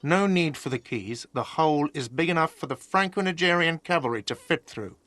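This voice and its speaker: Sarcastic cafeteria manager, lively pitch, dry recording. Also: male voice, brisk, no echo. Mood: grudging. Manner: sarcastic, passive-aggressive. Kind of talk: video game voice acting.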